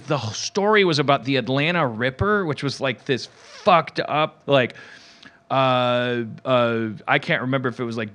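A man's voice: medium pitch, bright, forceful tone. A man hosting a podcast in casual comedic chat, rambling with lots of fillers and frequent laughter. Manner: rambling, full of fillers and restarts, laughing often. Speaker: podcast host.

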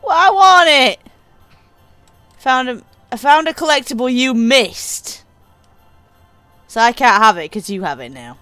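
A young woman giving casual gameplay commentary, giggly and excitable. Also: on the high side, measured pace, no echo, soft background music. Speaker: let's play commentator.

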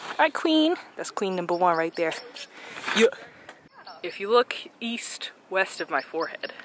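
A young American woman vlogs a hike on an outdoor mountain trail, talking into a handheld camera in casual narration. Her voice is lowish and a bit bright, and she sounds bubbly and playful, laughing often and a little out of breath. There's slight background noise.

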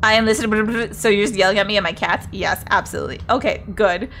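A woman's voice: medium pitch, fast talker, fairly bright tone, slight background noise. A woman streaming a video game, chatting to herself and her viewers and swearing often as she plays. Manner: chatty, swears a lot, talks to herself and chat. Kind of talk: casual gameplay commentary.

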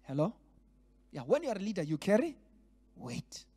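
A man leading a church leadership workshop, teaching in a lively way, switching languages and acting out little scenes. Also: sits high, normal speed, slightly rough. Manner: animated, switches between languages, acts out scenes. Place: church hall.

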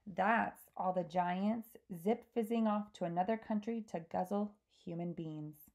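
A woman voicing a big, gentle male giant who speaks in mangled, made-up grammar, reading aloud from a storybook. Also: medium pitch, unhurried, close to an everyday voice. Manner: gentle, ungrammatical, invents odd words.

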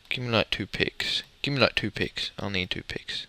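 A man's voice: lowish voice, normal speed, hardly any pauses, bright, forceful tone. A young man giving casual, rambling commentary while playing a building game, muttering to himself and swearing mildly. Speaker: gamer commentator.

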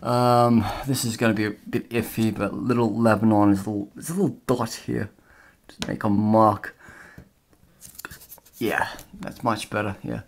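A man's voice: lowish voice, fairly even intonation, moderate pace. A man vlogging casually as he scratches off a map, rambling and chatty with lots of fillers. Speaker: travel vlogger.

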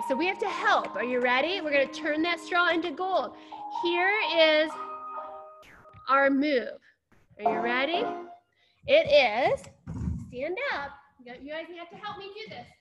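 A woman teaching a children's ballet class, telling a story in an animated, encouraging way. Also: extremely high pitch, rough recording. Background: music.

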